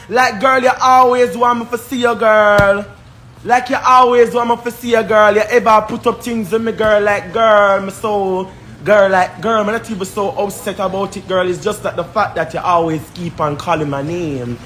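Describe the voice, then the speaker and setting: A man's voice: high voice, moderate pace, a bit bright, a little hiss or hum. A man with a Jamaican accent, ranting on a live stream in a confrontational, repetitive, scornful way. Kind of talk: heated live-stream rant.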